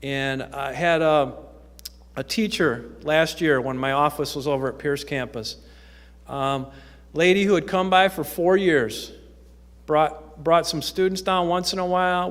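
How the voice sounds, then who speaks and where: Youth-ministry man at the pulpit, conversational and storytelling, slightly high voice, echoey sanctuary. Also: fairly even intonation, unhurried, a bit bright, smooth. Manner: conversational storytelling with frequent ums. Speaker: youth ministry worker speaking at church. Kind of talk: informal testimony talk from the pulpit. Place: church sanctuary. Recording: echoey church hall.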